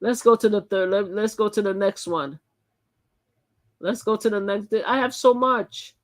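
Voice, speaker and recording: A woman's voice: medium pitch, fairly even intonation, moderate pace. A woman hosting a live channel, reading articles aloud and commenting in a chatty way, often repeating and restarting her phrases. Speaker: channel host.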